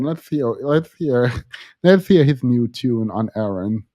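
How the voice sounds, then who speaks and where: A woman's voice: very deep voice, animated, takes it slowly, warm tone. A woman hosting a reaction commentary, sarcastic and exasperated, repeating phrases for effect. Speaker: commentary host.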